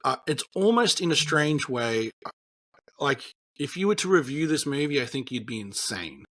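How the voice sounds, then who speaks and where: Young guy rambling about movies on a podcast, lots of likes and ums, ordinary pitch. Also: animated, moderate pace, a bit bright. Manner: rambling, storytelling, many fillers. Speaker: podcast co-host. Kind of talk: casual film chat.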